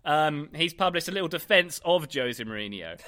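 Bright-voiced wry podcast host man. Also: on the high side, lively intonation, moderate pace. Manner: chatty, laughing, wry. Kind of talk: casual football podcast chat.

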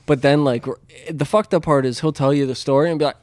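A man's voice: steady tone, fast, dry recording. Swearing, laughing storyteller man. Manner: storytelling, acts out coworkers with loud high quotes, laughs a lot, swears freely. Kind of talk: casual chat.

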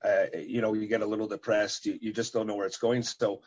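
A man, a parent and event organizer, answering interview questions in a halting way, with many fillers and repeated words. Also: lowish voice, little pitch movement, darkish tone. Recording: dull lo-fi sound.

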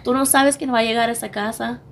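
A young woman with a hoarse voice, a podcast guest speaking candidly and haltingly, switching languages mid-sentence. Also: fairly high pitch, steady tone. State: losing her voice, hoarse. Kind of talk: candid personal interview.

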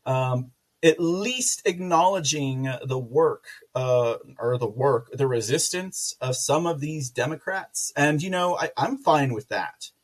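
A man hosting a casual political commentary livestream, rambling with many fillers and restarts, with sarcastic asides and loud laughs. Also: medium pitch, slow. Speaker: podcast host.

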